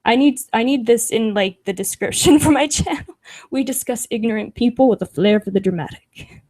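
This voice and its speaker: Sarcastic young woman with a mellow voice. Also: on the high side, moderate pace. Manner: profane, sarcastic, laughs often. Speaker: livestream host reading chat comments. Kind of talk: casual livestream chat.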